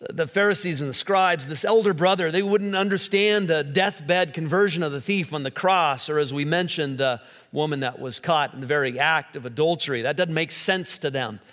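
A male pastor giving an animated sermon, acting out quotes as he preaches. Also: on the high side, moderate pace. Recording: long hall reverb.

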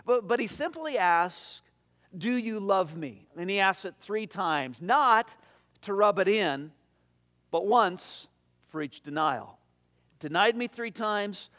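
High-voiced man preaching a sermon. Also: animated, slow, a bit bright. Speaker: pastor.

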